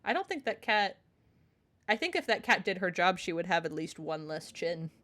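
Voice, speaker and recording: A let's-play streamer with a lowish, sing-song and slightly bright voice speaks at a moderate pace. Casually playing a story game, she reads the narration aloud and chats and giggles between lines.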